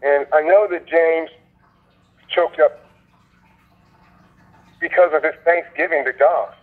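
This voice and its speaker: A man's voice: a little high, fairly even intonation, takes it slowly. A man hosting a conference call, speaking in a fervent, preacher-like way and repeating his points for emphasis. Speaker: host of a sales conference call. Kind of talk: motivational preaching. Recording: phone line.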